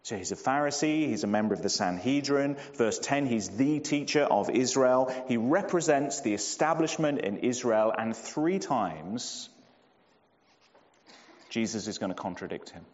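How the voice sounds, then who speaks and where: A man preaching a sermon, measured and emphatic, slowing down and dropping low on key phrases. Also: lively intonation. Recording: dull lo-fi sound in a long-reverb hall.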